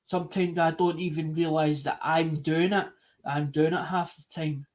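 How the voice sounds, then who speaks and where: A man's voice: a little high, fairly even intonation, moderate pace. A Scottish man hosting a live stream, chatting casually in an earnest, rambling way and often repeating himself.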